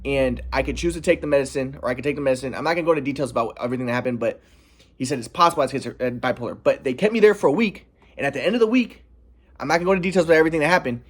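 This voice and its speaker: A young man telling a personal story in a vlog, earnest and aggrieved, stressing how calm he stayed. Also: medium pitch, racing. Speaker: vlogger.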